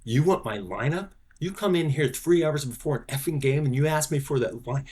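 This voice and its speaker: A man voicing a gruff, profane male baseball manager with a hot temper, barking his lines. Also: mid-range voice, animated, very fast, a bit bright. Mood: furious. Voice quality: barking, cursing.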